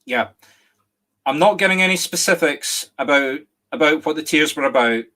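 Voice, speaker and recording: A middle-aged Scottish man, a medium giving a live reading online, speaking gently and apologetically with many restarts and a catch of emotion. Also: on the high side, normal speed. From Scotland. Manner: emotional, near tears at times. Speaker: psychic medium.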